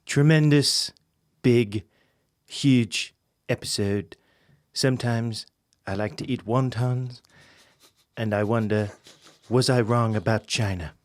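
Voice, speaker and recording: A man putting on an impression of a boastful, blustering male politician, with a grandiose, drawn-out delivery. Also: mid-range voice, no room sound, studio quality, natural voice.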